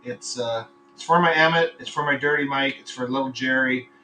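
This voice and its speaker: A man's voice: mid-range voice, fairly even intonation, a little fast, sharp tone, distant mic, slight background noise, rough recording. A man hosting a casual live podcast, rambling between topics, swearing freely and telling crude jokes. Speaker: podcast host. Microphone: computer microphone.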